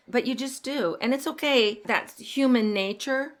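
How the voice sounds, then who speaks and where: A middle-aged woman hosting a parenting podcast, talking earnestly and getting animated when she tells stories. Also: fairly high pitch, a little slow. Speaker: podcast host. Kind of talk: casual parenting podcast chat.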